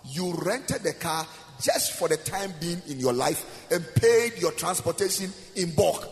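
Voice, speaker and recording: Ghanaian male preacher, high voice, sing-song, animated sermon delivery, reverberant church sound. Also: unhurried, few pauses. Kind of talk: sermon with interpreter. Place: church hall.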